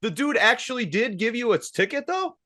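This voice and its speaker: A man's voice: very high-pitched, very animated, fairly quick, pushed and bright, no echo, studio quality. A man hosting a casual interview. He reacts with laughs and says man and bro a lot. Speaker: podcast host. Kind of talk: casual chat.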